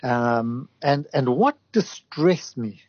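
A man, a radio guest talking in a measured, hesitant way with frequent ums. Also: mid-range voice, expressive, a little mellow, breathy edge, no room sound. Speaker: guest commentator. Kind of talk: conversational radio interview. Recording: dry, dull lo-fi audio.

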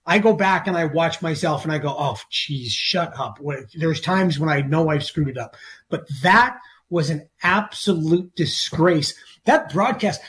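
A man's voice: on the high side, unhurried, fairly bright tone. A middle-aged man co-hosting a sports talk show, ranting emphatically and often repeating himself. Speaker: sports radio co-host.

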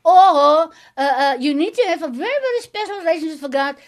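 A middle-aged woman with a South African accent, her voice pitched very high. She speaks as a guest in a faith chat, in an earnest, emphatic way that circles back on her own phrases. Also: lively intonation, brisk. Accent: South African, Afrikaans-tinged.

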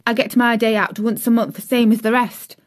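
A woman's voice: fairly high pitch, steady tone, moderate pace, close to an everyday voice. A woman voicing a cheerful, chatty young serving girl, homely and outspoken.

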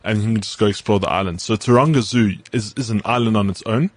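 A man's voice: fairly low pitch, quick pace. A man co-hosting a podcast, chatting casually and telling long, detailed stories. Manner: rambling, detailed travel storytelling. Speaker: podcast co-host. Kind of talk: casual chat.

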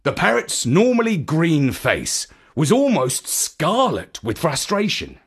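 A woman reading a children's story aloud in an expressive storytelling manner. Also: deep voice, slow, breathy edge.

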